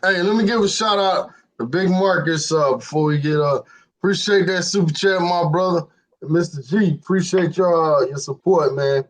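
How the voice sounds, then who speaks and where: A man's voice: fairly high pitch, normal speed, low-quality recording. A man hosting a livestream, friendly as he thanks viewers and hands over the floor. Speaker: show host.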